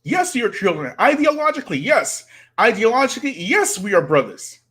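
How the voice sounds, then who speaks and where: A man's voice: high voice, big pitch swings, normal speed, bright, forceful tone, husky. A man, hosting a live stream and preaching to his audience with rhetorical challenges. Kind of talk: impassioned live-stream commentary.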